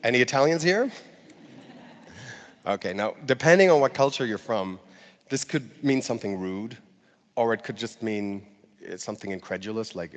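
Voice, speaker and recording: A man's voice: mid-range voice, sing-song, moderate pace, big-room sound. A man giving a conversational talk to an audience, with fillers and light laughter. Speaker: speaker giving a talk on language learning.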